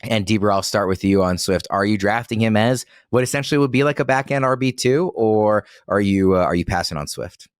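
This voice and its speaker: A man's voice: fairly low pitch, fairly quick, hardly any pauses, clean tone, dry recording, clean studio sound. An American man hosting a casual podcast, steering the discussion with frequent fillers. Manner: moderating, filler-heavy. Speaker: podcast host.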